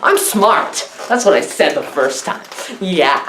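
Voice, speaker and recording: A woman's voice: fairly low pitch, expressive, slow, a bit bright, roomy sound, slight background noise. A woman giving a rambling comedic movie review, talking with mock seriousness and repeating "what? what?" and "y'all".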